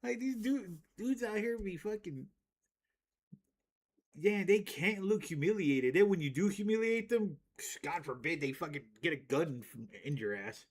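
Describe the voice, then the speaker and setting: A man's voice: high-pitched, animated, moderate pace. A man streamer ranting casually to his chat, profane and rambling, often laughing at himself.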